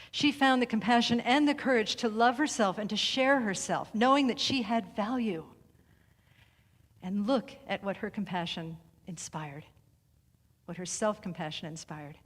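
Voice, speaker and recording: A woman delivering a sermon through a story, speaking in a measured, deliberate way with long pauses and softened phrases. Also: medium pitch. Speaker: speaker at a spiritual center service. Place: sanctuary hall. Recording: reverberant hall recording.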